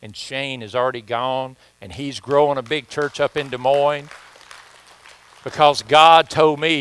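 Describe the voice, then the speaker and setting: A man's voice: medium pitch, a bit bright, clear, resonant tone, no echo. A man preaching a sermon in church, telling folksy stories and reading scripture with emphasis. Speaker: pastor. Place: church sanctuary.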